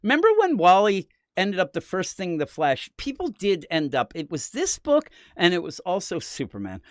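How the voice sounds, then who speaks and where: Animated, lively man reviewing comics. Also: high-pitched, no room sound, clean studio sound. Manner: animated, rambling, quick to laugh. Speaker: podcast co-host. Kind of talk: casual comic review chat.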